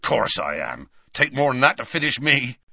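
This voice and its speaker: A man's voice: mid-range voice, very animated, normal speed, gravelly, pushed and bright, no echo, clean studio sound, heavily acted. A man doing a shaken, breathless teenage boy. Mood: panting. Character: shaken teenage boy wizard, hurt and determined.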